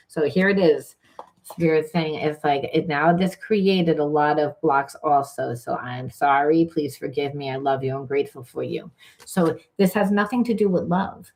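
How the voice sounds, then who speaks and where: Low-voiced woman giving a spiritual reading. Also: darkish tone. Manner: candid and emphatic, swears, acts out quoted voices. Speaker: spiritual coach. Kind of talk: spiritual card reading monologue.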